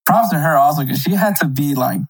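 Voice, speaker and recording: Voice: mid-range voice, expressive, a little fast, low-quality recording. A podcast co-host chatting casually, laughing along now and then. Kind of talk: casual chat.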